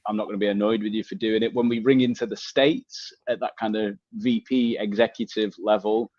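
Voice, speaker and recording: A man's voice: fairly low pitch, steady tone, brisk, darkish tone, lo-fi sound. A business owner joining a panel on a video call, jokey and teasing in his banter. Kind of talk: casual panel chat.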